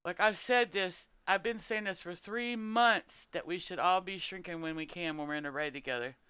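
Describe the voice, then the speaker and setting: A woman's voice: lowish voice, normal speed, bright, forceful tone, clear, resonant tone, no echo, lo-fi sound. A woman streamer in casual chat, venting and swearing with frequent laughs. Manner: venting, profane, laughs a lot. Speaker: game streamer.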